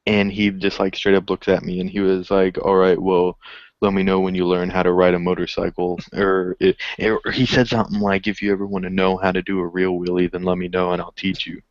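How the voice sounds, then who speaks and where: A man telling a story in casual chat, profane and animated, acting out the other people's lines. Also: low-pitched, a little fast, dry recording. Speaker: podcast co-host. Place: indoors, garage. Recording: dull, lo-fi dry recording.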